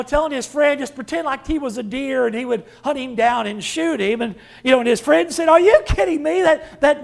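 A man preaching a sermon with dramatic swings from loud to hushed. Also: very high-pitched, gravelly. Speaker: pastor.

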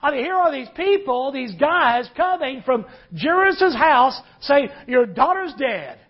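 A man preaching a sermon, earnest, drawing out key phrases slowly. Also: very high-pitched, lively intonation. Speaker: pastor. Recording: dull lo-fi recording.

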